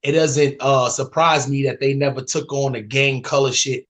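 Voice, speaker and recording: A man's voice: mid-range voice, fairly even intonation, normal speed, a bit bright. A man from New York with a New York accent, a podcast panelist, bantering in a joking, profane, slangy way. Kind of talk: casual chat.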